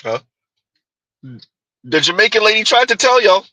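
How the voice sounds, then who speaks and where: A male commentary host with a sharp, forceful, fairly high voice talks rhetorically and keeps throwing "huh?" at his viewers. The recording is close and dry. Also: sing-song, normal speed, dry recording, rough recording. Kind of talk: reaction commentary.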